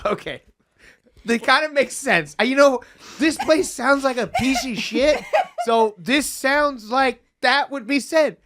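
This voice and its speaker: A woman hosting a podcast, reacting with quick jokes and laughter. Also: high voice, lively intonation, fairly bright tone, slight background noise. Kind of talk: casual podcast chat.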